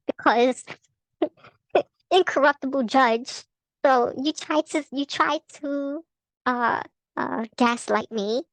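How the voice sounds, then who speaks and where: A high-pitched young woman talks through her tarot cards in a loose, rambling way. She is blunt and swears freely, laughing between lines and restarting sentences. The sound is dry and close, with no room echo. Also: a bit bright. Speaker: tarot vlogger. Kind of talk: casual tarot reading commentary.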